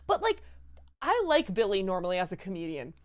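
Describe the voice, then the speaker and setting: A woman's voice: medium pitch, huge pitch swings, fairly quick. A woman co-hosting a livestream panel, reading out viewer donations and chatting casually. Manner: upbeat, laughs easily, reads chat messages aloud.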